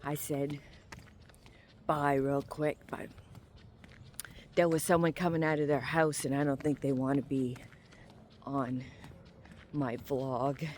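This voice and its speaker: A woman rambles along in an unhurried, low voice while walking a small-town street. She fills her talk with ums and likes, now and then dropping to a hush. The phone's mic catches her outdoors with faint ambient noise behind her. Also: flat delivery. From Maine. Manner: rambling, filler-heavy, sometimes hushed. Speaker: vlogger. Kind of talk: casual walking vlog.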